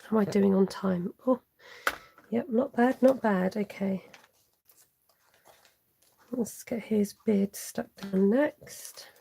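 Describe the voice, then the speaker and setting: Gravelly-voiced woman crafting live. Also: mid-range voice, slow pace, pauses often, dark tone. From United Kingdom. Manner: chatty, talks to herself while working, with muttered half-whispered asides. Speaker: card-making demonstrator. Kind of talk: live-streamed craft tutorial.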